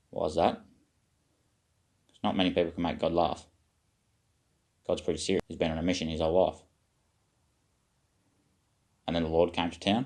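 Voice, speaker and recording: A man's voice: deep voice, darkish tone. A man giving a rambling, self-questioning spiritual monologue to his viewers, swearing now and then. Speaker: vlogger.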